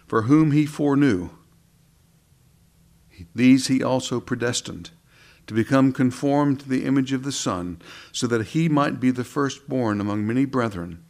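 A man preaching a sermon in an earnest, conversational way, asking his listeners questions and swinging between soft and emphatic delivery. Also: mid-range voice, unhurried. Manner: conversational, asks the congregation questions.

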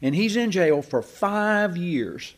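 A man's voice: high voice, lively intonation, slow. An older man preaching a sermon, telling church history as stories with asides and restarts.

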